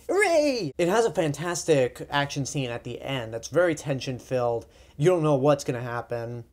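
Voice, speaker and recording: A man's voice: mid-range voice, a little mellow. A man giving casual, opinionated movie reviews, chatty and loose, with frequent ums and likes.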